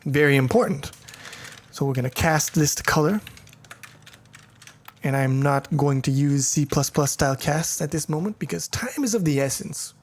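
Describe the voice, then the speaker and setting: A man's voice: fairly high pitch, normal speed. A man giving a casual programming tutorial, explaining step by step with irreverent jokes and profane asides. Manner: thinks aloud with fillers and restarts. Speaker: programming teacher.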